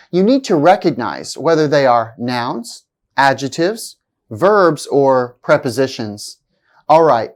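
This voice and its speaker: A woman reading a scripted pronunciation lesson, saying each example word slowly and deliberately with exaggerated stress. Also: low-pitched, a little mellow. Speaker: pronunciation teacher.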